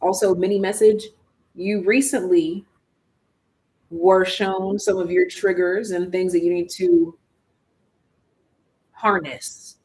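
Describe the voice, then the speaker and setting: A tarot reader giving a casual live-stream reading, chatty and slangy, thinking aloud and swinging between hushed asides and loud exclamations. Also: medium pitch, steady tone, takes it slowly, long pauses, poor audio.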